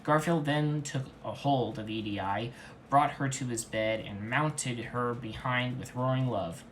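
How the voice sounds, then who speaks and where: A man reads fan fiction aloud with a deadpan, earnest delivery, straight-faced throughout. His voice sits at a middle pitch, with a faint hiss of noise underneath. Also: unhurried, rough recording. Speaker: reader.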